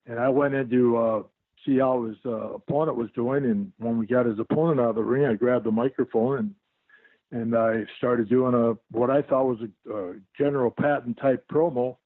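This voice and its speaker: A man's voice: medium pitch, steady tone, normal speed. An older man, a guest on an interview, tells a long rambling story full of fillers and restarts. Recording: tinny dry phone line.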